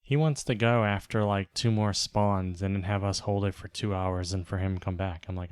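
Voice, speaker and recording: A man's voice: low-pitched, steady tone, moderate pace, few pauses, clean tone, no room sound. A man playing an online game with a friend, chatting casually and making dry, wry remarks. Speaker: fellow player. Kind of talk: casual gaming chat.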